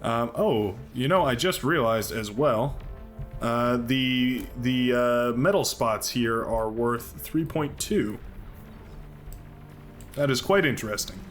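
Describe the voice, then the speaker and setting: A man's voice: mid-range voice, takes it slowly, faint music behind. Upbeat American man commentating a strategy game. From United States. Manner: upbeat, chatty, many fillers and restarts.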